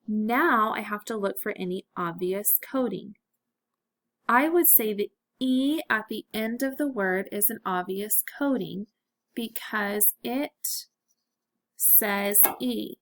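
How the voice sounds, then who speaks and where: A woman teaching a phonics lesson to children, speaking clearly and encouragingly. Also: medium pitch, slow, fairly bright tone.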